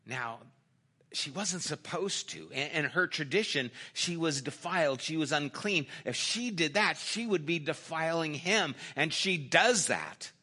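Male pastor, sermon, bright tone, slow storytelling delivery. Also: on the high side, lively intonation, husky. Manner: storytelling, acts out quoted lines in a dropped, softer voice; conversational, with small restarts.

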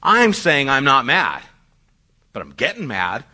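With a mid-range voice that swings hugely in pitch, a middle-aged pastor preaches a little slowly, sounding pushed and bright. He tells his sermon conversationally, like a story, and pokes fun at himself along the way.

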